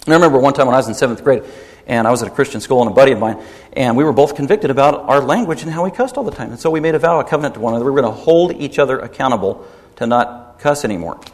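A middle-aged man preaching a sermon as pastor, animated and rising into emphatic peaks. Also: mid-range voice, rapid-fire. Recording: long hall reverb.

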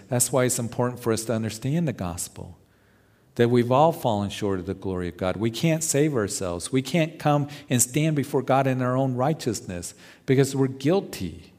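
A man's voice: mid-range voice, darkish tone. Man preaching in a reverberant hall. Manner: earnest, repeats words when emphatic. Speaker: pastor. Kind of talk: verse-by-verse sermon.

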